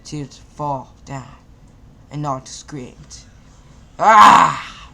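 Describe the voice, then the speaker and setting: A man's voice: a little high, a little slow, background noise. A man casually narrating a fan-made anime story, stumbling and repeating words as he goes.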